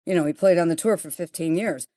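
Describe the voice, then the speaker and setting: A woman's voice: fairly low pitch, quick pace, no echo, clean studio sound. A middle-aged woman with a Buffalo accent, a golf teacher telling stories in an interview and acting out both sides of the dialogue. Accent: Buffalo, New York. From Buffalo, New York. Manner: blunt, animated storyteller who acts out dialogue. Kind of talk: storytelling interview.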